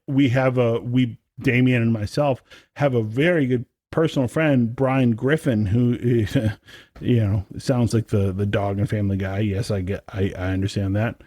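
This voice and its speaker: A man's voice: medium pitch, mellow, dry recording. Rambling man in a dry room. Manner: rambling, filler-heavy, enthusiastic. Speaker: podcast co-host. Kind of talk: casual chat.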